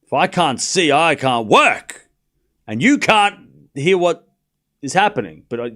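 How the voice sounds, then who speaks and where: A man's voice: a little high, big pitch swings, measured pace, pauses often, a bit bright. A man streaming a live tennis watchalong, calling points and teasing viewers with playful mock outrage. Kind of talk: live watchalong commentary and chat banter.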